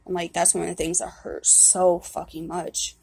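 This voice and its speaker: A young woman speaks candidly in a confessional vlog, her voice husky with a gravelly edge. She halts, restarts and swears freely. The sound is dry and close. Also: fairly low pitch, level tone, darkish tone, no echo. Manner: candid, halting, swears often, many restarts.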